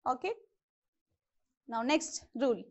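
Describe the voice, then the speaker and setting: A woman with an Indian English accent teaching an exam-prep English lesson, repeating each word slowly to model how it is said. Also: sits high. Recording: dull lo-fi sound.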